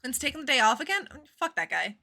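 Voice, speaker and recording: A woman chats casually on a live gaming stream, bubbly and animated, and swears without a second thought. Her voice sits a bit high and swings widely in pitch. Its tone is very bright and sharp. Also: quick pace, creaky.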